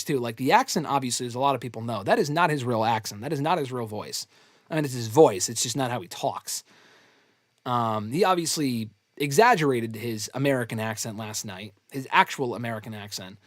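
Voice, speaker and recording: Male host, slightly high voice, blunt and loose, swears casually, dry close mic. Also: no room sound. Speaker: host answering fan questions. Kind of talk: casual live Q&A chat.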